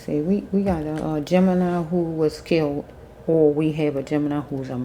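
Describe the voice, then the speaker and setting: A woman giving a casual tarot reading, thinking aloud with pauses, chewing a mint as she talks. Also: low-pitched, steady tone, background noise. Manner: chewing a mint while talking. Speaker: tarot reader.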